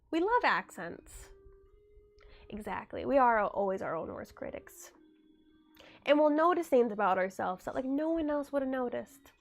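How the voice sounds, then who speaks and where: A woman's voice: high voice, a bit bright. A young woman getting over a cold, chatting casually on a livestream and answering her chat.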